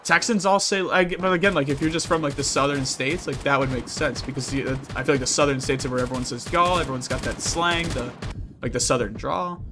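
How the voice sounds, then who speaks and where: A man's voice: mid-range voice, fairly quick, background noise. A young man with a Midwestern accent, chatting casually on a live stream in a rambling, filler-heavy way. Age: young adult.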